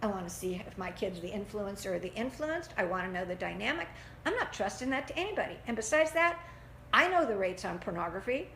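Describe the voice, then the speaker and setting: A middle-aged woman teaching a group of parents in a lively, animated way, often acting out what parents say and laughing. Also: medium pitch, fast talker. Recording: echoey room, faint background noise.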